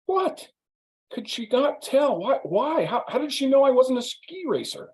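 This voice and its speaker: A man's voice: high voice, animated, fast, vocal fry, mellow, pitched above the performer's own voice. A man voicing an indignant, insistent outdoorsy friend in a story. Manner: insistent, protesting.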